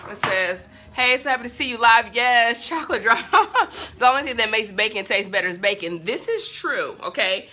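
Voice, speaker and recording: A young woman hosts a live cooking stream from her home kitchen, bacon sizzling in a pan, with her phone on a stand. She chats straight to viewers and gets easily sidetracked, speaking in a mid-range, sharp-toned voice.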